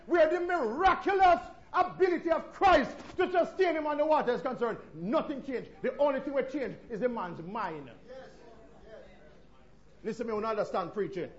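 High-voiced Jamaican preacher. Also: male voice, normal speed, dull audio. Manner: emphatic preaching with sharp swings from loud to hushed. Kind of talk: sermon.

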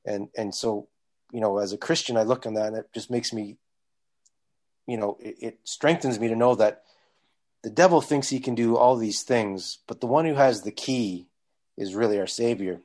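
A man in a group bible discussion, speaking devoutly with halting restarts. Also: fairly low pitch, darkish tone. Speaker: bible study participant.

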